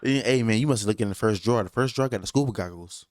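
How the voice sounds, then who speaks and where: A man's voice: on the low side, quick pace, no echo, clean studio sound. A man hosting a casual podcast, joking and boasting in slangy talk. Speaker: host.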